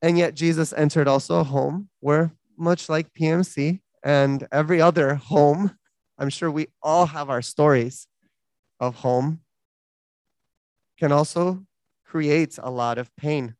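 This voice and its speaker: A man delivers an earnest, reflective sermon, building his points through repeated phrases. His voice sits a little high and sounds smooth and resonant. The sound is close and dry. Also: darkish tone, dry recording. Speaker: preacher.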